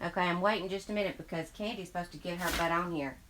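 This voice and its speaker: On the low side but fairly bright, this woman's voice moves at a quick pace with no room sound. She's a crafting channel host livestreaming casually from a craft room full of books, reading and greeting viewers' chats in a chatty, scattered style.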